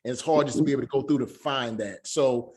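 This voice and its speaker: A man teaching an online Hebrew class. He talks haltingly, with many fillers, and spells sounds out slowly. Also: mid-range voice, darkish tone.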